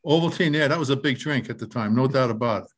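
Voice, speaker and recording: An older man reminisces casually about his neighborhood, rambling along at a quick pace and an ordinary pitch while repeating words. He chuckles a lot and keeps checking in with whoever's listening.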